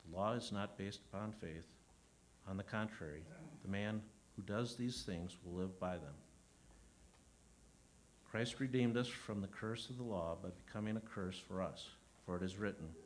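Deep voiced guy reading scripture slow and solemn, faint background hiss. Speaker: scripture reader.

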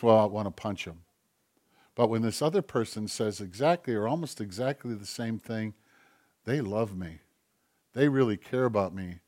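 A man preaching a sermon in a conversational way, acting out quoted voices as he goes. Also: mid-range voice. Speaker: pastor.

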